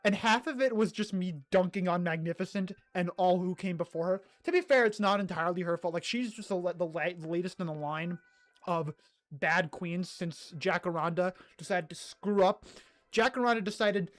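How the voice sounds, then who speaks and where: A streamer in casual livestream chat, reading out comments and ranting excitedly, with many stammered restarts. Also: mid-range voice, a little fast.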